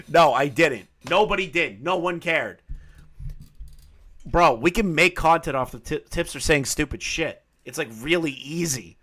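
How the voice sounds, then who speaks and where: A man commenting casually on a live stream, excitable and mocking, with bursts of shouting. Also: on the high side, normal speed.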